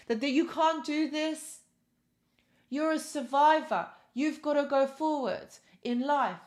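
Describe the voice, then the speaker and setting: A woman with a fairly high voice hosting a live stream. She speaks encouragingly in a motivational style and reads viewer comments aloud as she goes. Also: a bit bright.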